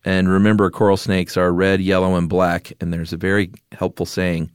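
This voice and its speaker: Male podcast co-host, very low pitch, dry close mic, playful and chatty. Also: level tone, normal speed, clear, resonant tone, no room sound. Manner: jokey, laughs often, reads from notes. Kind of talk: casual podcast chat.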